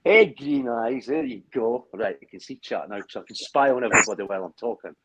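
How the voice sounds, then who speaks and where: A Scottish man co-hosting a livestream over a phone, telling animated stories and laughing often. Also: lowish voice, quick pace, muffled recording, background noise. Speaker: livestream co-host. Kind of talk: casual chat.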